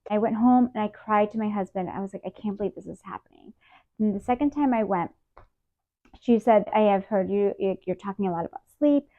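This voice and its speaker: Over a tinny, phone-like recording, a woman in her thirties with a mid-range voice talks a little fast as an interview guest. She candidly and emotionally retells a hard personal experience, animatedly acting out the quoted dialogue.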